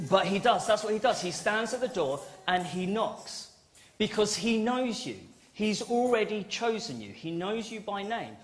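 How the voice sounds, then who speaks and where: A man's voice: sits high, expressive, measured pace, fairly bright tone. A man preaching a family-service sermon in a church, playful and given to acting out little dialogues.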